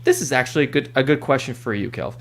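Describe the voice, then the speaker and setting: Upbeat man hosting a gaming podcast. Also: mid-range voice. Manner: upbeat, quick bursts with filler words. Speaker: podcast host. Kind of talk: casual chat.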